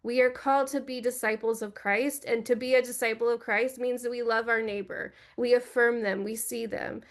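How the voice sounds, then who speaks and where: A woman's voice: fairly high pitch, fairly even intonation, moderate pace. A woman giving an earnest, direct teaching talk for a church, speaking into a computer microphone on a video call. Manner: earnest, direct, gently instructive.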